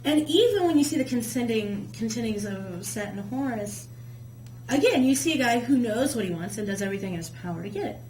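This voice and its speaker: Woman, casual storyteller, colloquial and lively, echoey room, faint hum. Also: a little high, a little fast. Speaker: guest. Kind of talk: casual chat and myth storytelling.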